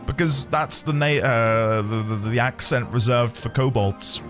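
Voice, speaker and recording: A man's voice: mid-range voice, a little slow, a bit bright, soft background music. A man streaming gameplay, casual and self-mocking, joking with his viewers.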